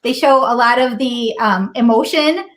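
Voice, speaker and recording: A woman librarian guest in a casual chat, describing a book with animated storytelling. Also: fairly high pitch, normal speed, slight background noise, rough recording. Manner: animated storytelling, acts out lines.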